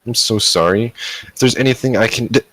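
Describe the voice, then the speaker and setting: A man's voice: mid-range voice, fairly quick, fairly bright tone, pitched above the performer's own voice, lightly acted, rough recording. A man voicing a shy, nervous young character who stammers and hesitates.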